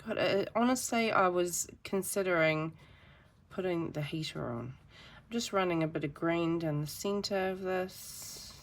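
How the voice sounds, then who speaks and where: A woman giving a chatty, rambling painting tutorial with self-deprecating asides. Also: lowish voice. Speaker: art teacher.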